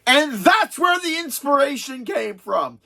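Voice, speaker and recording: Bright, chatty reviewer in their thirties. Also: high-pitched, sing-song, a little slow, gravelly. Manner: chatty, self-described sarcastic, rambling with restarts. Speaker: video reviewer. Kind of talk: casual spoken episode countdown.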